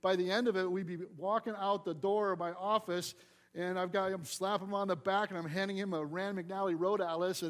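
A middle-aged male pastor delivers a sermon in a fairly high voice. He preaches with lively energy, pressing hard on some lines and dropping to a hush on others. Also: fairly quick. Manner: animated preaching, swings from loud emphasis to soft asides.

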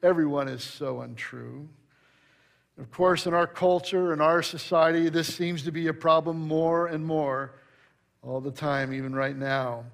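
A man's voice: on the high side, level tone, moderate pace, fairly bright tone. A middle-aged male pastor preaching a sermon, telling anecdotes in a conversational way and rising to emphatic preaching.

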